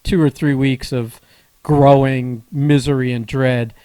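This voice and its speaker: A man's voice: mid-range voice, steady tone, unhurried, warm tone, clear, resonant tone, dry recording. A man co-hosting a podcast, teasing his friend and explaining things at length. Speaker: podcast co-host. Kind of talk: casual podcast chat.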